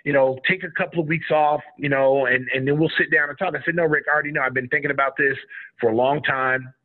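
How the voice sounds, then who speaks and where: Over a tinny, phone-like radio line, a middle-aged man who once played college basketball tells a casual story on a radio show. He speaks quickly in a slightly high voice and acts out others' quotes with animation.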